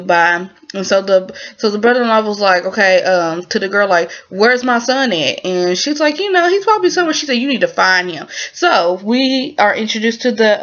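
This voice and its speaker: A woman recaps a drama in a loose, chatty way, piling on fillers and asides as she goes. Her voice sits at a medium pitch. The recording sounds a little dull and lo-fi. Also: fairly bright tone. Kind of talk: casual spoken recap.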